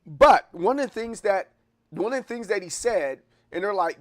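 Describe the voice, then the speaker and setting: Man, streamer, casual chat with viewers, rambling, excitable, higher pitched. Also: normal speed. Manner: rambling, restarts a lot, chuckles and gets excited. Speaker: livestream host. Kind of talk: casual chat answering live chat.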